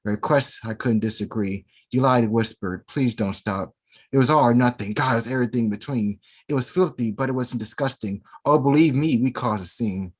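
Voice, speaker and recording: A man performing a spoken word poem at an online open mic, theatrical and deliberate. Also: mid-range voice, breathy edge. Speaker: poet performer.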